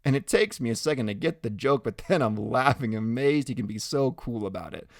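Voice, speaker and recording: A man narrating a first-person audiobook in an animated, expressive storytelling manner. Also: medium pitch, brisk, no echo, clean studio sound.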